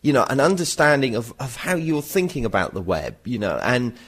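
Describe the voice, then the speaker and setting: A man's voice: mid-range voice, sing-song, fairly quick, fairly bright tone, slightly rough. A middle-aged man co-hosting a casual podcast, chatty and self-mocking, with teasing mock rants. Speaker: podcast co-host.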